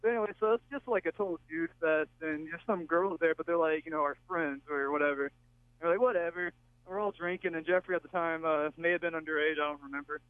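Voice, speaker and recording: High-voiced man calling in on a tinny phone line. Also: steady tone, fast talker, clear, resonant tone, no room sound. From Texas. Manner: rambling, jokey. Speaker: caller. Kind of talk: casual storytelling.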